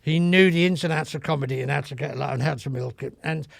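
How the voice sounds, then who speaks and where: An older man with a gravelly voice, a comedy club veteran telling rambling, earthy stories in a casual podcast chat. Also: fairly high pitch, fast, dry recording, studio quality. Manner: rambling, earthy, swears freely. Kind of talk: casual anecdotal storytelling. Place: podcast studio.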